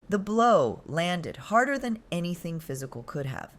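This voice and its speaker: A woman reads a scripted first-person story with heavy drama. Her voice sits low but moves through a wide, lively range. She often sinks into breathy, near-whispered delivery. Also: normal speed, hardly any pauses. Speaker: narrator.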